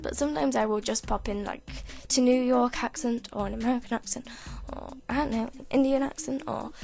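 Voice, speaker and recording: At home at her computer, a British woman with a high-pitched, gravelly voice loosely narrates a game build she's showing off. She rambles, interrupts herself and giggles along the way, with faint music playing softly behind her.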